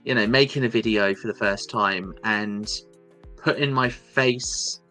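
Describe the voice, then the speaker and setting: A male stream host chats casually in a soft, calming voice, wandering from thought to thought and breaking into laughter. Faint music plays quietly underneath. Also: on the low side, unhurried. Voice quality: soft, soothing voice. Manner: chatty, rambling, laughs often. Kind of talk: casual chat.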